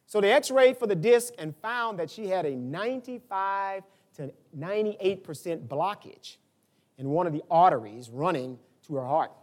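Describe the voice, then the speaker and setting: Animated older preacher. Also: male voice, moderate pace. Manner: animated preaching, swinging from low asides to high emphatic peaks. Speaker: pastor. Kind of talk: sermon.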